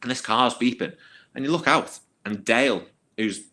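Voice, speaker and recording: A man, a former youth footballer, telling anecdotes as a podcast guest in a casual, animated way with plenty of fillers. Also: medium pitch, moderate pace. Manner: animated, acts out quoted voices, filler-heavy.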